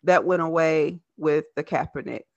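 A woman podcast host with a lisp, talking fast in casual, animated chat. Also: sits low, creaky, dry recording, dull audio. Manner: talks fast, animated and laughing.

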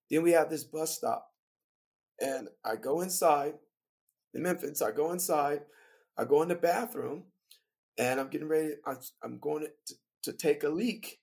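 A man who plays in a band, telling a story from the road as a guest on a podcast, lively and laughing as he recounts it. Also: on the high side, vocal fry. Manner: animated, vivid retelling with laughter. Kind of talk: casual storytelling.

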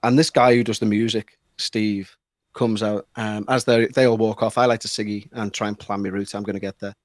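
Excitable Liverpool man telling a spooky tale. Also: on the low side, a little fast, no echo, studio quality. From Liverpool, England. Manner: animated, excitable, mimics others in the story. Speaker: podcast guest. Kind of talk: casual storytelling.

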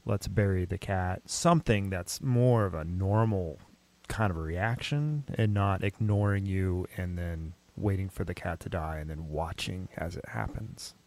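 A man hosting a podcast, speaking in a measured, reassuring way to his guest. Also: sits low, a little mellow. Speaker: podcast host. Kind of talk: interview conversation.

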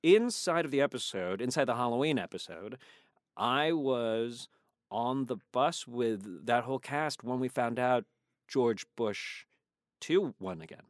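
A man, an actor guest, telling lively behind-the-scenes stories in a casual interview, quoting people as he goes. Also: mid-range voice, a little slow, no echo, studio quality. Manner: animated storyteller, quotes others in changed voices.

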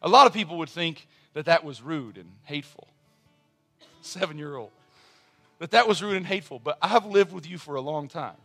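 A middle-aged man preaching a sermon as pastor, earnest, dropping to soft personal asides and rising to strong emphasis. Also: fairly high pitch, expressive, moderate pace, husky, faint music behind.

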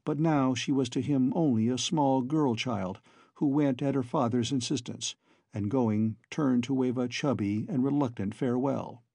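A man narrating an audiobook in a steady, even storytelling voice. His tone is dark and mellow with a husky edge. It is recorded close and completely dry. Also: medium pitch, normal speed, no room sound. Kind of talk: scripted narration.

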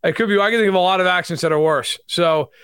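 A man's voice: sits high, clean tone, dry recording, studio quality. A man with a New York accent talking football in casual, joking banter on a podcast. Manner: fast, animated, self-deprecating banter. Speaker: sports analyst guest. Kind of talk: casual sports talk.

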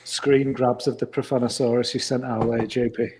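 A man's voice: medium pitch, level tone, moderate pace, a little mellow, slight background noise, low-quality recording. A man co-hosting a casual chat, telling stories with stammered restarts and swearing. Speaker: podcast co-host.

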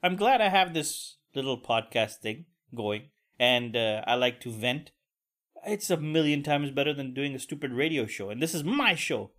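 The young man behind this solo podcast rants casually, spinning a rambling story full of swearing and crude asides. He talks at normal speed in a mid-range, slightly bright voice with lively intonation.

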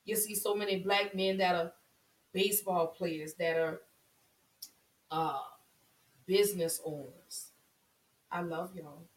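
A woman's voice: lowish voice, steady tone, takes it slowly, pauses often. A woman giving an impassioned monologue to her viewers. She speaks with emotion and often repeats herself for emphasis. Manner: impassioned, repetitive, voice rising with emotion. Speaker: vlogger. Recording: roomy echo, voice from a distance.

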